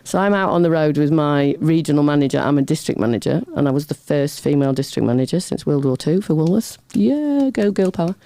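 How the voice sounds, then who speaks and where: A middle-aged woman with a warm, mellow voice spins one funny story after another as an interview guest. Her delivery is chatty and self-mocking, and she laughs easily between lines. The sound is close and dry, with no room in it. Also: low-pitched, fairly quick, few pauses, dry recording. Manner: chatty, animated anecdotes with laughter; self-deprecating humor.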